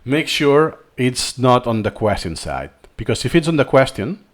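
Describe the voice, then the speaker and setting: A man's voice: medium pitch, very animated, normal speed. A man with a Spanish accent, a native Spanish speaker from Spain, explaining a learning tutorial and thinking aloud as he goes. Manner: thinking aloud, repeats himself. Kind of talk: screen-recorded tutorial talk.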